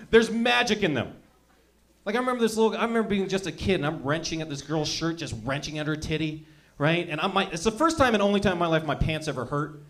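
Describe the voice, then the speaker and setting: A young man with a high-pitched voice performs a stand-up set. He rambles through profane, animated stories. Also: fast. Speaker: stand-up comedian.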